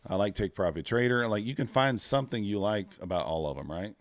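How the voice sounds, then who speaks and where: A livestreaming futures trader with a low, deep voice talks fast and animatedly, chatting loosely with his audience while he trades. He rambles and mutters to himself as he fiddles with and hunts through his software, recorded close and dry with no echo.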